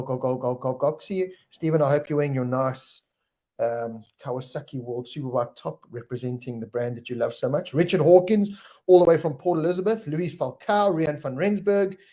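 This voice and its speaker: A man's voice: fairly high pitch, mellow. A middle-aged man with a South African accent, hosting a live stream in a casual, jokey way and reading out viewers' names and comments. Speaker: host.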